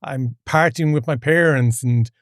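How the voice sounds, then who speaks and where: A man's voice: medium pitch, a little slow, no room sound, studio quality. A man hosting a podcast, steadily leading a casual chat. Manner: steady, leads the conversation. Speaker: podcast host.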